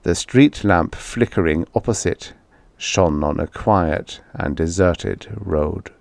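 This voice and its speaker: Low-voiced man narrating a horror story. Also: creaky, a little mellow, dry recording. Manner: slow, dramatic storytelling. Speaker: audiobook narrator.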